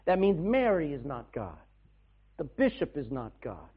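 Animated high-voiced male preacher, tinny sound. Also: a little slow, husky. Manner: animated storytelling, shouting bursts and hushed asides. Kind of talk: sermon.

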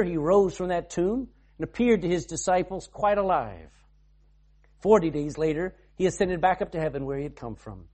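A man preaching a sermon, swinging from loud to hushed and reading scripture in old-fashioned wording. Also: high-pitched.

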